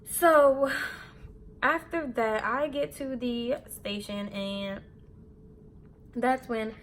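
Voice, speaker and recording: A young woman in her twenties telling a candid, animated story about her own mistake while getting ready, swearing casually. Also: on the high side, extremely slow, slight background noise. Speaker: beauty vlogger.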